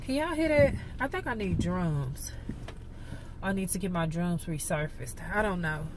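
A woman's voice: fairly low pitch, animated, normal speed. A woman, chatting casually and rambling straight to her viewers in a vlog, filmed on a phone. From Texas, USA. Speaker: vlogger. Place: in a car and at home. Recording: loud background noise from a car.

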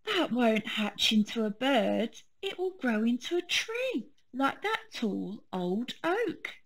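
A woman's voice: fairly high pitch, big pitch swings, takes it slowly, slight background noise, heavily acted. A woman doing a patient mother bear.

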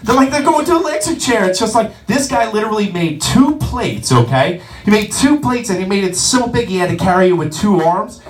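Brash, high-pitched stand-up comic in a club. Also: male voice, fairly quick, hardly any pauses. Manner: brash, profane, animated. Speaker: stand-up comedian. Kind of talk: stand-up comedy set. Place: comedy club. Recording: roomy club sound from a distance, audience.

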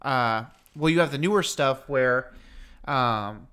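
A man with a smooth, resonant voice, chatting casually as a podcast co-host. He rambles and jokes, telling stories with animated energy. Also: mid-range voice, takes it slowly. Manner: rambling, jokey, animated storytelling. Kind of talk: casual chat.

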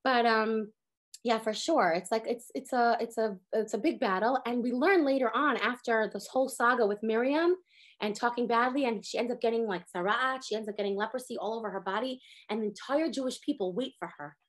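Quick, high-voiced woman teaching animatedly. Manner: animated, acts out exasperated prayers. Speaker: Torah teacher. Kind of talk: casual online class.

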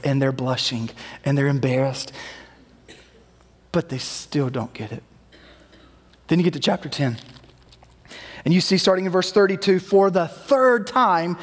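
A man pastor preaching a sermon in a relaxed, conversational way, sometimes acting out the lines he quotes. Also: a little high, long reverb tail. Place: church sanctuary.

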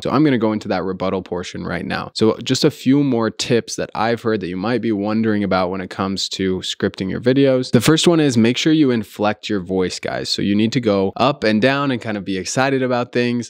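A young man teaching casually to the camera, chatty and lively, talking straight to his viewers. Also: lowish voice, a little fast, few pauses, no room sound, studio quality. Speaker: course reviewer and YouTube coach.

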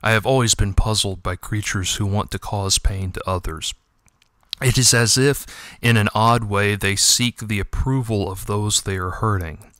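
Bright-voiced man reading a reflective story. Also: fairly low pitch, normal speed, dry recording, studio quality. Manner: gentle, reflective, wistful reading. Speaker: audiobook narrator and author. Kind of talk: first-person audiobook narration.

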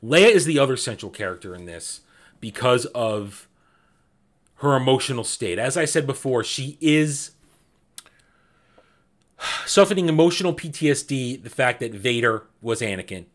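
A man's voice: mid-range voice, moderate pace, pauses often. A man hosting an informal book club, talking enthusiastically and animatedly, repeating himself as he builds his points. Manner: enthusiastic, animated, with frequent restarts. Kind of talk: casual book discussion.

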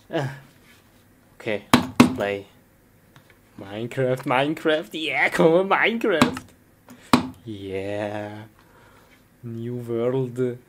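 A woman performing a comedy sketch, talking to herself in simple, broken English and breaking into excited yelps and shrieks of frustration. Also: rumbling low. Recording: noisy recording.

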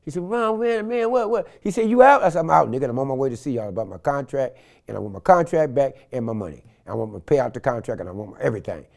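Speaking in a racing, medium-pitched voice with some vocal fry, an older interview guest spins a wild tale. He performs the characters' lines himself, jumping loudly between voices as he animates the story.

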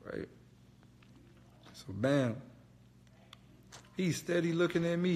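A man casually telling a story, animated, slangy and profane. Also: fairly low pitch, normal speed, long pauses, in a large hall. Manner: animated, profane, slangy, keeps saying "bro".

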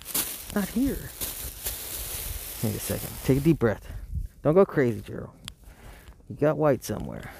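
A man's voice: medium pitch, animated, fairly quick, creaky, pauses often, warm tone, a little hiss or hum. A man hosting a casual live painting stream outdoors by the roadside, rambling and talking to himself with frequent chuckles.

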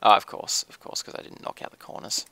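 A man giving casual, relaxed gameplay commentary, thinking aloud with frequent ums as he explains his build. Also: fast, a little hiss or hum.

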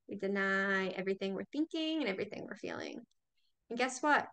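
Bright-voiced woman preaching with emphatic swearing. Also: mid-range voice, animated, a little fast. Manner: emphatic, preachy, swears freely, rhetorical questions. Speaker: spiritual talk host. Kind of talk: spiritual talk to viewers.

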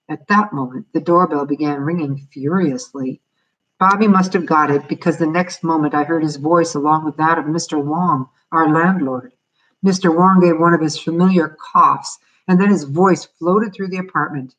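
A woman reading a children's novel aloud as a storyteller, in steady, plain narration. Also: sits low, normal speed, low-quality recording.

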